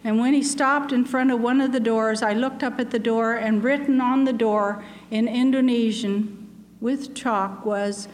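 An older woman giving an earnest testimony sermon, telling her story and slowing down for emphasis. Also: on the high side, fairly even intonation. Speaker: missionary speaker. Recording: long echo of a large hall.

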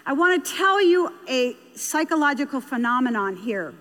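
A woman's voice: high voice, very animated, normal speed, hardly any pauses, a bit bright. A woman giving a talk on parenting, telling an anecdote earnestly and repeating key phrases for emphasis. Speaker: speaker on parenting. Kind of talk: storytelling talk to an audience. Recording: long hall reverb.

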